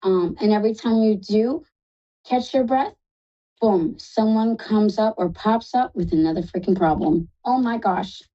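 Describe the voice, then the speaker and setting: A woman's voice: mid-range voice, a little slow, warm tone, lo-fi sound. A woman reading tarot cards for a caller on a live call-in show, chatty and reassuring, calling the caller "love". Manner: reassuring, chatty, uses endearments. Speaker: psychic reader.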